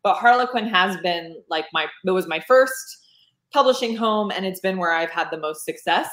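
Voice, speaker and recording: Woman, romance author, low-ish voice, rambling chatty talk, roomy echo. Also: animated, normal speed, a bit bright. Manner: rambling, many fillers and restarts. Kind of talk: casual interview chat.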